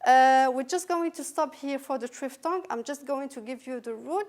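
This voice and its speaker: A woman with a high, light voice and a French accent walks students through English sounds. She is patient and careful, repeating each example word slowly and clearly. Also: a little mellow. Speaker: English teacher. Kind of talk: recorded phonetics lesson.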